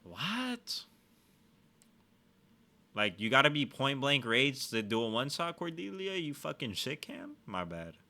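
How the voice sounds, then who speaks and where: Excitable, foul-mouthed gamer guy. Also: medium pitch, a little slow, creaky, long pauses. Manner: profane, excitable trash talk. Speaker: gaming streamer. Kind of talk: let's-play commentary.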